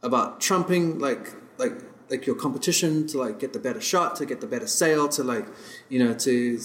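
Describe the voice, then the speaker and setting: A man from South Africa talks as a podcast guest in loose, casual chat, stacking fillers as he rambles through his stories. His voice sits at an ordinary, middle pitch. The room around him rings with a noticeable echo. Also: brisk.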